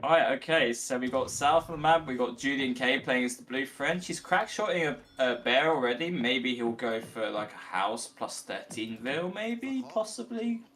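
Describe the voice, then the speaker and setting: A young male caster on a live stream, breaking down the match in chatty, analytical play-by-play. His mid-pitched voice has a bright, forward edge, picked up close on a headset. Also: moderate pace, few pauses. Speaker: esports caster. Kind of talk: live esports commentary.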